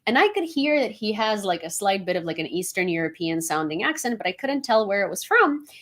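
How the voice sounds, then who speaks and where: A woman's voice: medium pitch, big pitch swings, brisk, a bit bright. A woman from Ukraine hosting a casual news commentary, talking in a frank, chatty and opinionated way.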